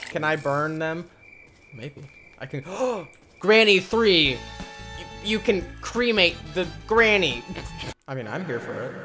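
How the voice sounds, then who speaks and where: A man hosting a gaming channel, giving jokey let's-play commentary as he talks to the game and bursts into loud yells. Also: a little high. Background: game music.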